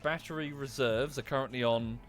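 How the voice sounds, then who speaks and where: A man's voice: medium pitch, moderate pace, soft background music. A man with an Estuary English accent chatting casually while streaming a game, rambling and thanking viewers as he goes. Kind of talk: casual gameplay commentary.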